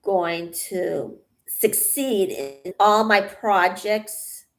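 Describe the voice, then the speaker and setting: A woman vlogging casually as she paints, out of breath and rambling with many pauses, thinking aloud. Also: mid-range voice. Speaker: channel host. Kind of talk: casual vlog while painting.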